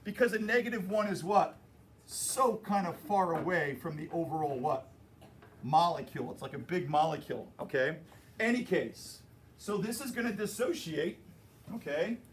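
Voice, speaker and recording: A man's voice: fairly high pitch, moderate pace, a little hiss or hum. A man teaching a chemistry class, explaining and joking with his students as he goes. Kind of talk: classroom lecture.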